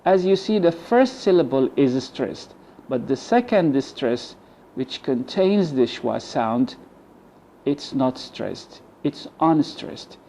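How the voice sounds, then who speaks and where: A man teaching English pronunciation, repeating model words slowly between explanations. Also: mid-range voice, expressive, vocal fry, mellow, slight background noise. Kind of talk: pronunciation lesson. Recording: dull lo-fi sound.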